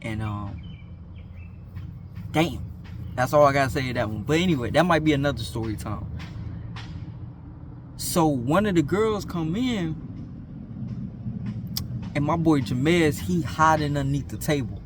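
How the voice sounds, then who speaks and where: Animated young man telling a story. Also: a little high, unhurried, long pauses, background noise. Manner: animated, slangy, self-mocking. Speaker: vlogger. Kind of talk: casual storytime.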